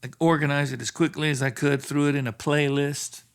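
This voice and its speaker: Gravelly man telling a lively story. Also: a little high, fairly quick. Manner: animated storyteller who acts out quoted dialogue. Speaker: guest, session and touring bassist. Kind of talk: casual storytelling in a podcast interview. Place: theatre space.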